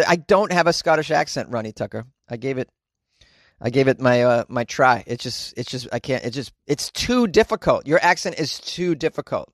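A man's voice: medium pitch, animated, moderate pace, no room sound, studio quality. A man hosting a comedy news podcast, chatting casually and joking while he reads out listener reviews and emails. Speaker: podcast host. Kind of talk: casual solo podcast chat reading listener mail. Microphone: home podcast mic.

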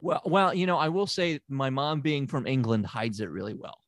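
A man's voice: medium pitch, lively intonation, moderate pace, no room sound. Rambling man playing a hapless therapist. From Tennessee, US. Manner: rambling, hesitant, full of filler words. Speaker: comic playing a fake therapist. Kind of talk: improvised comedy sketch.

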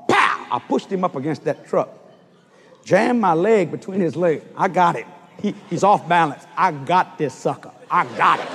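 Animated older preacher, big hall. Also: male voice, high voice, gravelly, breathy edge. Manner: animated storyteller, acts out voices and shouts at the climax. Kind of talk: storytelling sermon.

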